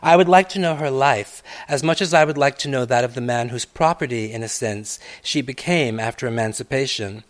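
A man reads his personal essay aloud in a measured, reflective way. His voice sits at a middle pitch and moves through long winding sentences full of asides. He swells louder on key phrases, then drops back almost to a hush. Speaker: author reading his own personal essay. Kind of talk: literary reading.

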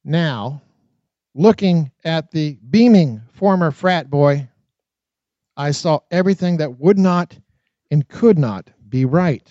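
A man narrating his own memoir in an expressive, dramatic audiobook reading. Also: a little high, slow, dry recording. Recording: dull, lo-fi dry recording.

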